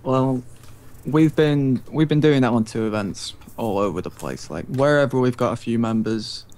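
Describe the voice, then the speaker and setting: A man appearing as a guest in a live Q&A, explaining things in a relaxed, easygoing way. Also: mid-range voice, normal speed. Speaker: guest, forum representative. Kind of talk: casual live Q&A chat.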